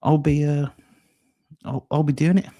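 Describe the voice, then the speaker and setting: A man's voice: on the high side, fairly even intonation, moderate pace, mellow. A man co-hosting a live fan chat, talking in an earnest, rallying way over a beer. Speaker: fan channel co-host.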